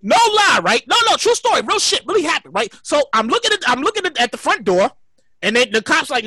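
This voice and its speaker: A woman hosting a podcast, telling a story in a casual, animated way, swearing and repeating her lines. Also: high voice, fairly quick, no echo, clean studio sound. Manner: animated, profane, repeats herself. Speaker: podcast host.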